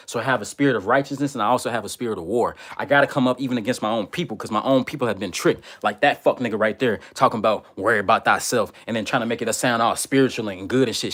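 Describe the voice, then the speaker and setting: This livestream host goes through viewer comments while ranting, his insults loud, profane and repetitive. He talks fast in a mid-range voice, barely pausing.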